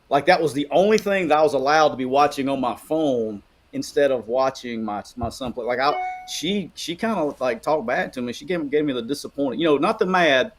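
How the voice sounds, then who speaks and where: A man's voice: mid-range voice, fairly quick, hardly any pauses. A middle-aged man from Alabama co-hosting a casual sports chat, telling rambling stories full of restarts. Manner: rambling, animated storytelling with restarts. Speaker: co-host.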